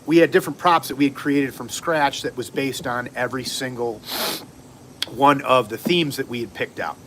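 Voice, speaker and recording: A man telling a long story on a casual livestream, rambling and animated, acting out what people said. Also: medium pitch, moderate pace, a little hiss or hum. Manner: rambling, animated, acts out quotes.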